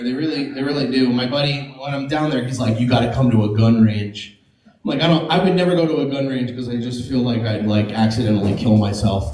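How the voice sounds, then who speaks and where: A man performing a stand-up comedy set, animated and jumping into silly high voices for his bits. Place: comedy club stage. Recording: echoey club from a distance with crowd laughter. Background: audience laughing.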